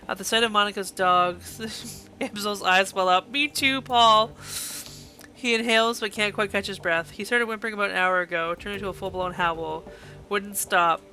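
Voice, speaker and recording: Bright-voiced woman streaming a game. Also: medium pitch, fairly even intonation, normal speed, faint music behind. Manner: gushing, emotional reactions between read passages. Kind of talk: live let's-play, reading game text aloud.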